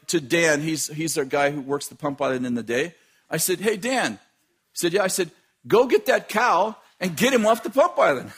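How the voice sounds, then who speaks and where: A man's voice: a little high, a bit bright. A man who runs a business telling a long funny story in a casual way, laughing often as he talks.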